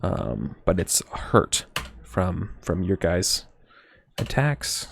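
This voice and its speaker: A man's voice: low-pitched, big pitch swings, vocal fry, fairly bright tone, a little hiss or hum. A man running a tabletop game as game master, talking casually with frequent self-corrections. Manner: casual, rambling, quick apologies and self-corrections.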